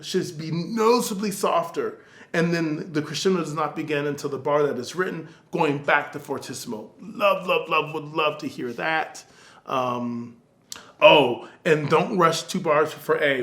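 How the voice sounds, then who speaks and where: A man's voice: on the high side, moderate pace, fairly bright tone. Man scatting music in an echoey room. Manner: scats the music aloud in sung syllables; talks in loose restarts. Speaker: music teacher giving feedback. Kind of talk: casual spoken lesson.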